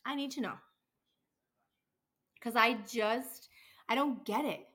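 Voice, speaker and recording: A woman in her thirties who works at a dental office hosts a casual solo podcast. Her voice is fairly high and fairly bright, and she talks slowly while ranting in exasperation, venting and swearing freely.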